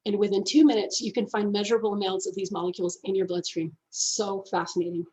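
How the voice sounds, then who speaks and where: Brief: effusive woman leading a class, easily moved, laughing often, mid-range pitch. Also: fairly even intonation, quick pace, darkish tone, rough recording. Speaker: class teacher. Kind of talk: teaching a gratitude class.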